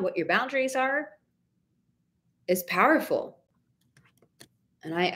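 A woman in her thirties coaching viewers through a live Q&A about relationships. Her voice sits a little low, and she speaks with blunt candor, swears casually and answers the chat warmly by name. She hits her points with emphasis. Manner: warm pet names for viewers. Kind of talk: live-stream Q&A advice.

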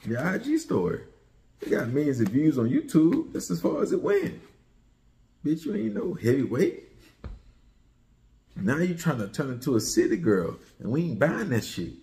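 A man's voice: medium pitch, very animated, moderate pace, dark tone. Male commentary host, heated and mocking, delivers a repetitive profane rant.

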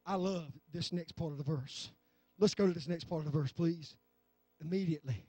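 Man, pastor preaching, fervent, husky, dry recording. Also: normal speed, dry recording. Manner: fervent, swings from low talk to shouting. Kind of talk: sermon. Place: church sanctuary.

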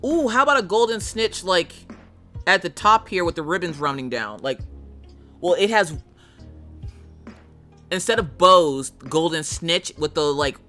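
Woman, bright clear voice, chatty live streamer, thinks out loud, faint music behind. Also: on the low side, animated, measured pace, long pauses. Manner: chatty, thinks aloud while drawing, greets chat. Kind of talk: casual stream chat.

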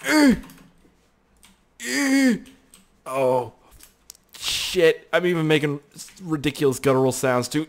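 Man, let's play commentary, very animated pitch, excitable, swearing, yelling at characters, self-mocking. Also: unhurried, long pauses. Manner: excitable, swears a lot, yells at game characters. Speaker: gaming YouTuber.

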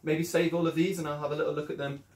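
A man's voice: on the high side, flat delivery, racing, darkish tone, reverberant. A man teaching children an English lesson in a chatty, encouraging way, explaining things step by step. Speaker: primary school teacher.

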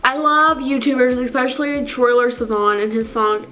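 A young woman acting out a clueless teenage fangirl who rambles breathlessly about her crushes, gasping and gushing at every turn. Her voice sits a little high, and faint music plays underneath. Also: moderate pace, bright, forceful tone, low-quality recording. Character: gushing, clueless teenage girl fake fan. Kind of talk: comedy sketch character.

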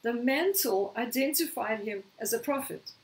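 A woman preaching a sermon, slightly hoarse, telling a scripture story and acting out the quoted lines. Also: a little high, animated, normal speed, recorded from a distance, low-quality recording. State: slightly hoarse, clearing throat.

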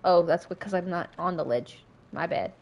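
A woman livestreaming a game with casual commentary, excitable, swearing often and breaking into laughs and panicky outbursts. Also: lowish voice, normal speed.

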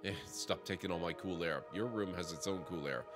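A man reading the lines of a grumpy, rude male motel clerk in a game, with a gruff, insulting manner. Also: low-pitched, fairly quick, lightly acted. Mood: surly. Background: music.

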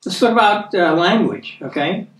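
A man with an American accent giving a conversational sermon, earnest, repeating words for emphasis and reading scripture slowly. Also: sits high, lively intonation. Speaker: preacher. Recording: echoey room, mic at a distance.

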